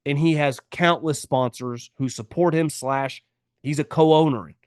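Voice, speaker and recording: A man's voice: a little high, unhurried, darkish tone, clean tone, no room sound, clean studio sound. Blunt opinionated man hosting a sports podcast. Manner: blunt, opinionated, emphatic repetition. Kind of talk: casual sports media commentary.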